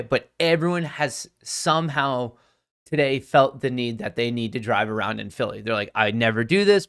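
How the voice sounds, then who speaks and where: A young man hosting a livestream, telling a story in an animated, exasperated way. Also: medium pitch, no room sound, clean studio sound. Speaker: livestream host. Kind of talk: casual storytelling to viewers.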